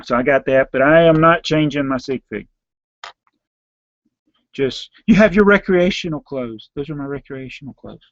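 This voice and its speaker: A man with a Southern US accent, a slightly hoarse YouTube host who reads out viewer names and questions and answers them in a rambling, offhand way. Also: a little high, normal speed, fairly bright tone, no room sound, lo-fi sound. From Southern United States. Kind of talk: casual live Q&A.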